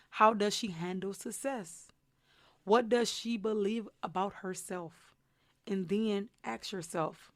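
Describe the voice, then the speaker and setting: A woman's voice: fairly low pitch, dry recording, studio quality. A young adult woman hosting a podcast, speaking in an earnest, reflective motivational monologue. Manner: reflective, earnest, slow deliberate delivery. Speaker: podcast host.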